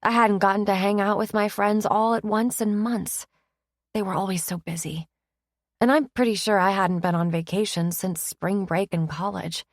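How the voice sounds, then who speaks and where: A woman narrating a romance audiobook in first person, with a wry, expressive manner, close to the mic. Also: medium pitch, moderate pace, no echo.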